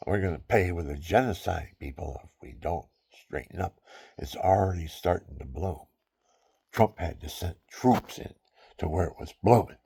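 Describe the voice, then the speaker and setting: A man's voice: deep voice, lively intonation, normal speed, creaky, warm tone, husky. A man in his seventies, a veteran, talking in a rambling, digressive way with chuckles at his own asides. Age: 70s. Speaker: veteran speaking his mind. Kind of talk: rambling casual monologue.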